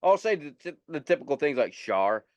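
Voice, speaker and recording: A man's voice: on the high side, lively intonation, quick pace, a little mellow, no echo. A man hosting a podcast, chatting candidly and rambling a little, slightly tipsy. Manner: rambling, candid, swears freely. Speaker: podcast host. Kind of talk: casual podcast chat.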